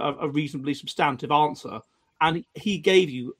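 A man's voice: fairly high pitch, normal speed, breathy edge. A man hosting a panel discussion, emphatic and full of restarts. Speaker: host.

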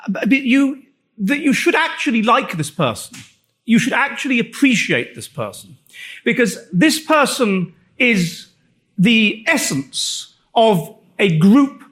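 High-voiced man giving a wry talk. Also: fairly bright tone. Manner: wry, lecturing storyteller with halting restarts. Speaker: author presenting his book. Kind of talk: live talk to an audience.

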